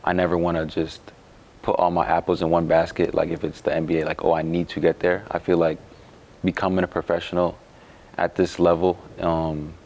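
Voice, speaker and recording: A young man, a college basketball player, answering interview questions in a relaxed, halting way with many fillers. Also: low-pitched, gravelly. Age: young adult.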